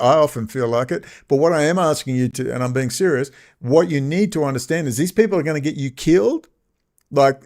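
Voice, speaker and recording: A man's voice: mid-range voice, darkish tone. Fired-up rambling male commentator. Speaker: political commentator. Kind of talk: unscripted monologue.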